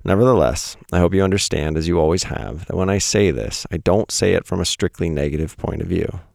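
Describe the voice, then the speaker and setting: A man in his thirties, a podcast host, reads his weekly essay aloud in a very deep, gravelly voice that is a little mellow and fairly quick. His tone is casual, wry and self-deprecating, with blunt asides, and the studio-quality recording has no echo.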